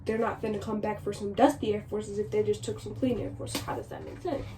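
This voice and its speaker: A woman vlogger telling a casual storytime in an animated, exasperated way, repeating herself for emphasis. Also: medium pitch, brisk. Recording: distant mic with noisy background.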